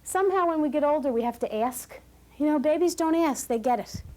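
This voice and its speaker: Lady teaching new parents, jokey and animated, kinda high voice. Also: brisk. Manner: lively, joking, acts out parents and babies. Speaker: parenting class instructor.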